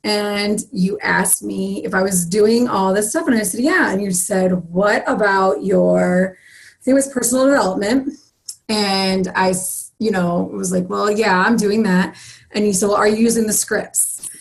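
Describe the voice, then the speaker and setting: A woman on a team call telling a candid, animated story about herself in a casual way. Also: medium pitch, moderate pace, gravelly, rough recording. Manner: animated, candid, self-mocking. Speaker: team member sharing a story.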